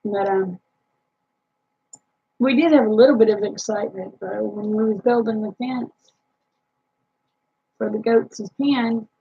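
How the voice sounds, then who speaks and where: Tired, gravelly woman chatting. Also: medium pitch, measured pace, pauses often, muffled recording. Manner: chatty, drawling, rambling with many fillers. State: tired, yawning. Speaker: homesteader talking to live chat viewers. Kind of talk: casual live chat.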